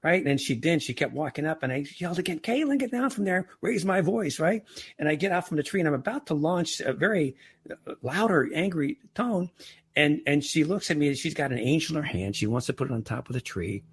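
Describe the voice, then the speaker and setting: A man's voice: a little high, a little fast, husky. A man as a podcast guest, talking earnestly and telling anecdotes in a conversational interview. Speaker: podcast guest, entrepreneur and author.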